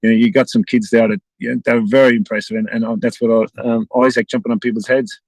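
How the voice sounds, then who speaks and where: A man's voice: mid-range voice, flat delivery, no echo, poor audio. A man in his forties with an Irish accent, a former footballer chatting as a guest in a casual, rambling way with many restarts. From Ireland. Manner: quick, rambling, restarts often. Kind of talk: casual chat.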